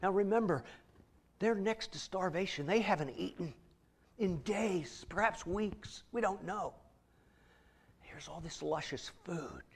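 A man's voice: high voice, unhurried, gravelly, pauses often, husky. A middle-aged man preaching a sermon, telling a story vividly with frequent word repeats. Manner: vivid storytelling, repeats words, acts out voices.

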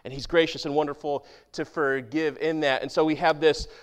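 A man preaching a sermon as pastor, talking conversationally and asking his congregation questions, dropping to a hushed voice for quoted prayers and scripture. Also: fairly high pitch, steady tone, brisk, clean tone. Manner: drops to a hushed voice when quoting prayers and scripture.

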